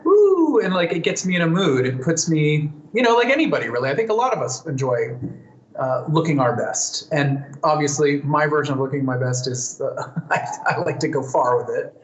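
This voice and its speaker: A man's voice: on the high side, normal speed, lo-fi sound, slight background noise. A man answering fan questions in a casual live Q&A, chatty and thoughtful, with plenty of fillers and restarts. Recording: roomy echo, faint ambience.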